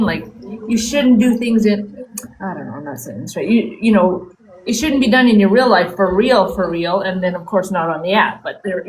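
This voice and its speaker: A woman's voice: medium pitch, a little mellow, low-quality recording. An earnest woman gives her opinion in casual chat, sometimes groping for the right words. There is faint background noise and a few clicks behind her voice.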